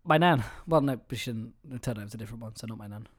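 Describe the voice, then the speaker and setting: A man's voice: medium pitch, quick pace. A young man co-hosting a comedy podcast, joking around and now and then bursting into silly singing. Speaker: podcast co-host. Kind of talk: casual comedic chat.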